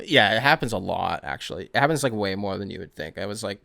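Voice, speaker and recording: A young man hosting a sports podcast, rambling and excitable, swearing freely in casual chat. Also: on the low side, quick pace, gravelly, hardly any pauses. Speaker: podcast host.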